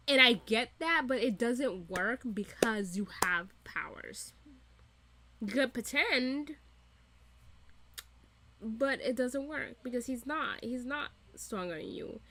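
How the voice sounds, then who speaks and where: A woman's voice: medium pitch, fairly bright tone. A woman giving casual reaction commentary, emphatic and repetitive, laughing often and swearing freely. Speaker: reaction channel host.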